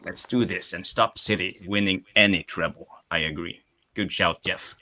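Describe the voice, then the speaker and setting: Deep, bright-toned male co-host. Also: steady tone, moderate pace. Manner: reads out viewer messages, brief replies. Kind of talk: casual chat.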